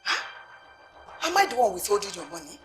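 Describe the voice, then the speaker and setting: A woman's voice: sing-song, brisk, lightly acted. An actress playing a scheming, domineering queen in a film drama. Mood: furious. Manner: imperious, turns shrill and menacing. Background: film score music.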